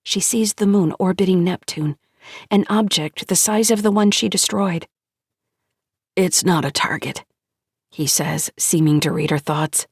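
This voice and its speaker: A woman narrating an audiobook in a measured, hushed storytelling manner on a close studio mic. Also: lowish voice, slightly rough, no room sound.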